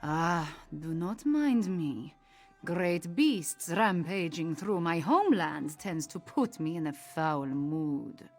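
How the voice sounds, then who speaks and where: A woman's voice: on the low side, lively intonation, slow pace, darkish tone, soft background music, full character voice. An actress voicing a weary, bitter female feline diplomat and spy in a video game, speaking with a rolling, exotic accent. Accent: exotic rolled-R accent. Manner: bitter, exasperated.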